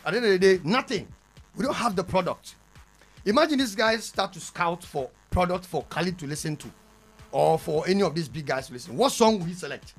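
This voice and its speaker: Faint music plays behind a Ghanaian man whose high, husky, expressive voice moves briskly with a Ghanaian English accent. Sitting on a radio show panel in the studio, he trades jokes and laughs frequently as he argues his point.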